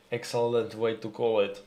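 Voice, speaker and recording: A man with a Ukrainian accent hosts a live stream, working slowly through his English and pausing often to find the next word. He speaks to his viewers directly, reads their comments aloud, and gets heated over the news. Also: medium pitch, a little mellow. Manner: halting, searching for words, addresses viewers as "my dears".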